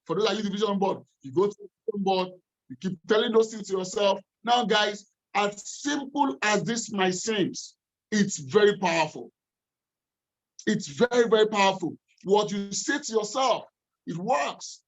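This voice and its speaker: A man's voice: sits high, animated, moderate pace. Emphatic man coaching. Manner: emphatic, repeats phrases, often says "all right". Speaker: life coach. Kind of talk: motivational teaching talk. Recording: slightly muffled recording.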